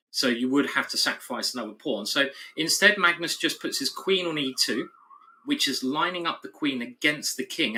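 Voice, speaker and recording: A man's voice: mid-range voice, pushed and bright, low-quality recording. A man giving live chess commentary, thinking aloud through the moves with an analytical, playful manner.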